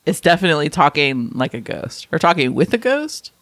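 A woman's voice: deep voice, big pitch swings, fairly quick, noisy background. A young woman co-hosting a podcast, playful and teasing. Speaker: podcast co-host. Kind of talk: casual chat.

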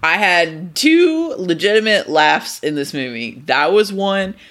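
A man's voice: a little high, sharp tone. A man co-hosting a podcast, recapping a movie in a wry, profane way and laughing mid-sentence. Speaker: podcast co-host. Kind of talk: casual movie review chat.

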